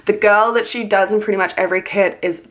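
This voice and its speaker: A young woman talks casually and enthusiastically, piling up compliments about everything she shows. Her voice sits at an ordinary middle pitch. There is a sleepy, just-woke-up edge to her chat, with plenty of likes and ums. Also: fairly even intonation, fast. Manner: gushing, enthusiastic, chatty with many likes and ums. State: sleepy, yawning. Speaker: planner sticker haul vlogger. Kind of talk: casual haul video chat.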